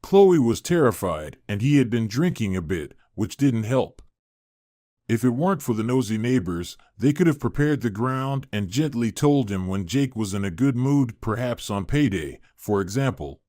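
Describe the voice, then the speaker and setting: Male storyteller, steady scripted read, mid-range voice, dry. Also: mid-range voice, normal speed, dry recording. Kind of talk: scripted narration.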